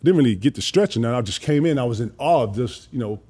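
A man telling stories casually, animated and profane, acting out other people's voices. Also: mid-range voice, fast, crowd noise. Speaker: guest storyteller. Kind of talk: casual storytelling.

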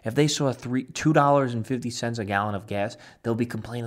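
A man hosting political commentary, excitable and emphatic, often rambling between points. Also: medium pitch, a little fast. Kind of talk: opinionated commentary.

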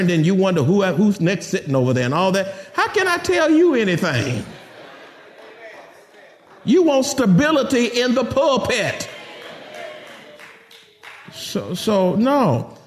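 Preaching to his congregation, a middle-aged male pastor talks with a high voice. His style is lively and conversational, with plenty of jokes, and he addresses the people directly.

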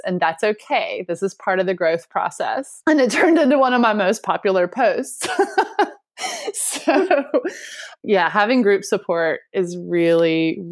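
Lively, laughing woman business coach. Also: medium pitch. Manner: animated storyteller, acts out quotes, laughs often. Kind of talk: casual interview conversation.

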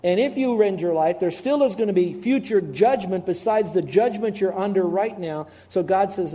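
A man preaching a sermon as pastor, animated, shifting between loud emphasis and hushed, tender asides. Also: sits high, normal speed, hardly any pauses.

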